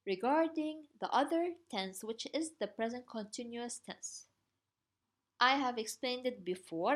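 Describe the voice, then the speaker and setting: Woman teacher going slow thru grammar examples, kinda high voice, patient. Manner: patient, spells out each form step by step. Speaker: language teacher. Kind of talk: grammar lesson.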